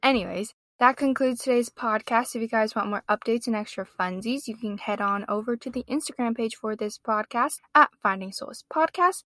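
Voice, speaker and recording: A woman's voice: fairly high pitch, moderate pace, few pauses, sharp tone, dry recording, clean studio sound. A young adult woman, the podcast's editor, giving a jokey, upbeat recorded outro voice-over.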